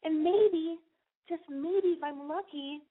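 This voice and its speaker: A woman's voice: very high voice, takes it slowly. A young woman hosting a call-in podcast, rambling in a brash, profane way, sniffly and nasal from a cold. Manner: crude, rambling, lots of "like" and swearing. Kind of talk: brash confessional monologue. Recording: tinny phone-like audio.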